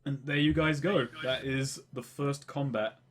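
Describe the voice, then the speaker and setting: A man running a tabletop role-playing game as game master, explaining rules and narrating scenes in a casual, relaxed way. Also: medium pitch, a little slow.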